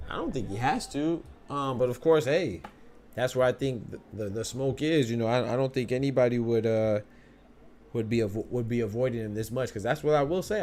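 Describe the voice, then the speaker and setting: Young man, podcast host, casual slang, mid pitch, faint background noise. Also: darkish tone. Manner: conversational, streetwise slang, repeats phrases. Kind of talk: casual solo podcast talk.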